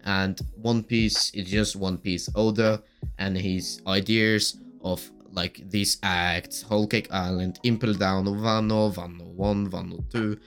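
A man's voice: fairly low pitch, fairly even intonation, slow, fairly bright tone, faint music behind. Rambling young-sounding man, voice cracking. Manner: gushing, rambling with frequent fillers. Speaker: podcast host. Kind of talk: casual solo chat.

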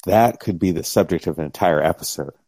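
Deep, dark-voiced middle-aged man. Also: fairly quick, no echo. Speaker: podcast co-host and game master. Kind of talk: casual podcast chat.

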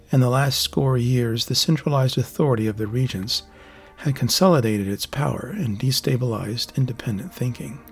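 Gravelly male audiobook narrator. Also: mid-range voice. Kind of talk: scripted fantasy narration.

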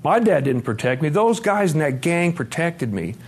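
A man's voice: on the high side, big pitch swings, moderate pace, breathy edge. Man, middle-aged, from Montana, recovery conference speaker, candid testimony, blunt storytelling, profanity. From Montana, USA. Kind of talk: personal testimony talk.

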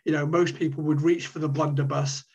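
A middle-aged man telling a story over a tinny, phone-like line. His voice sits a little high, gravelly and husky. He talks casually, restarts his words often and swears now and then. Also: level tone, a little fast. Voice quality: frequent stammered restarts and swearing. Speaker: podcast guest.

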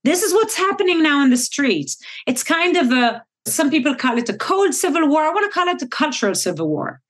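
A woman's voice: high voice, sing-song, fairly quick. A woman from Israel, a podcast guest talking in a thoughtful, earnest way. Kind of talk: reflective interview talk.

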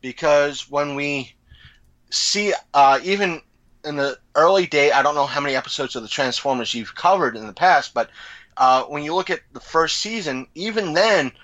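A man co-hosting a podcast in casual chat, animated and often acting out quoted lines. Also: fairly high pitch, normal speed, lo-fi sound. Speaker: podcast co-host.

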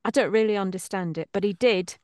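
A woman's voice: mid-range voice, fast talker, a little mellow, no room sound, clean studio sound. A middle-aged woman, chatting as an interview guest in a rambling, self-deprecating way, with many restarts. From Britain. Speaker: voice actress guest. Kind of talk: casual interview chat.

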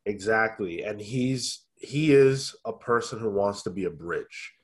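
A man co-hosting a podcast, chatting casually in a thoughtful way, often pausing with ums and restarting his sentences. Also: lowish voice, animated. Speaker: podcast co-host. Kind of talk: casual review chat.

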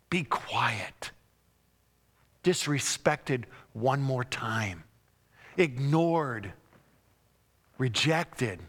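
A man's voice: mid-range voice, a bit bright. A man preaching a sermon, telling the story dramatically and acting out the cries and crowd lines. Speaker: pastor. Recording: long hall reverb.

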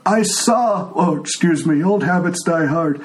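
A man's voice: on the high side, unhurried, voice pushed up, close to an everyday voice, rough recording. A man voicing an old blind male tiefling who speaks politely in a raised, slightly quavering voice. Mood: courteous.

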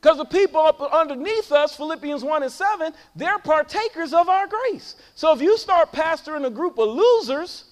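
A man preaching a sermon as pastor to his church, calling out to the congregation and swinging between loud high calls and low quiet talk. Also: animated, normal speed, hardly any pauses, in a large hall. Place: church sanctuary.

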